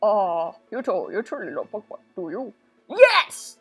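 A woman's voice: medium pitch, animated, fairly quick, a little mellow, slightly rough. A young woman chats through a video game in a rambling, goofy way, often breaking into sudden outbursts. Her voice sits in a medium range, with faint game music underneath. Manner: rambling, silly, talks to herself with sudden outbursts. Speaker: let's play host. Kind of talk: casual game commentary.

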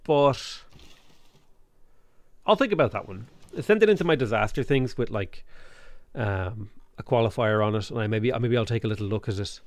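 A man's voice: mid-range voice, animated, normal speed, no echo. A man from Ireland chatting casually on a live stream while playing a strategy game and reading chat, rambling and often repeating words as he thinks.

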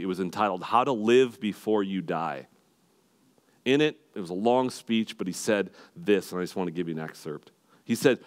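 Earnest pastor, low voice. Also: male voice. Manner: earnest, emphatic preaching with rising intensity. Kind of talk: sermon.

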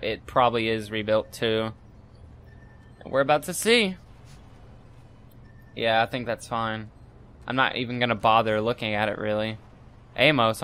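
Male gamer, bright and forceful, rambling let's-play chatter with excited shouts. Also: mid-range voice. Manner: rambling and excitable, bursting into loud yells. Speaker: gameplay commentator. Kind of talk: casual let's-play commentary.

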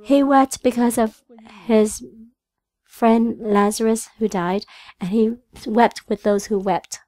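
A woman whose first language is Vietnamese, interpreting a church sermon in an earnest, halting way with frequent restarts. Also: on the high side, steady tone, a little mellow.

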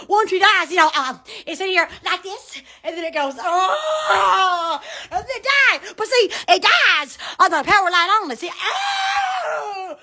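A middle-aged woman chatting on a livestream, giggling and bursting into loud exclamations. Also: very high-pitched. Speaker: livestream host. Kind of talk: rambling livestream chat.

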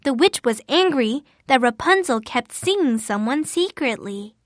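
A woman narrating a fairy tale in a clear, careful storybook reading for language learners. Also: sits high, animated, a little slow, no room sound, studio quality.

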